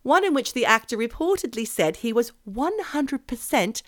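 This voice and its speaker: A woman's voice: on the high side, sing-song, normal speed, no room sound, clean studio sound. A woman co-hosting a podcast, telling a story in a chatty, jokey way with casual swearing and asides. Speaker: podcast co-host. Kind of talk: casual chat, storytelling a true-crime topic.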